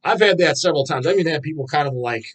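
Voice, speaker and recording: A man's voice: on the high side, animated, racing, fairly bright tone. A middle-aged man hosting a livestream, ranting in a swaggering, foul-mouthed, mocking way. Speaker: livestream host. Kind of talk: profane casual rant.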